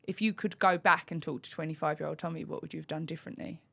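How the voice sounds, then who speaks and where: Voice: medium pitch, fairly even intonation, fast, gravelly, fairly bright tone. An interviewer asking short, direct questions in a casual conversation. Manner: brief prompts and questions.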